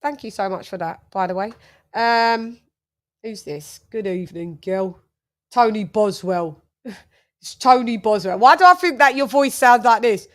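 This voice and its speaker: A young British woman hosts a boxing livestream in casual chat, laughing and shouting out viewers from the comments. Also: on the high side, lively intonation, measured pace. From United Kingdom.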